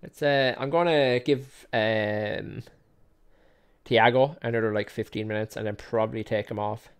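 Hosting a gaming video, a man delivers casual let's-play commentary, calling the match action play by play while chatting, teasing himself, and laughing frequently. His voice sits fairly low and is smooth, at a measured pace.

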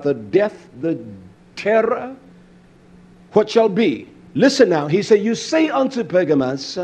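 A man preaching a fiery, scolding sermon that rises at times to shouting. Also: high voice, very animated, a little slow, breathy edge.

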